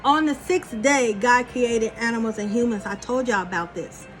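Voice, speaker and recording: Blunt, high-voiced woman vlogger. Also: normal speed, soft background music. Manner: blunt, profane and animated. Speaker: spiritual vlogger. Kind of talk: casual monologue to viewers.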